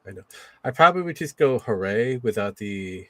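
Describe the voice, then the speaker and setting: A man hosting a casual stream, joking and laughing with friends. His pitch moves a lot and his voice is bright. The sound is dry and close. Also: expressive, moderate pace, dry recording. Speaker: streamer host. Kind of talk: casual chat.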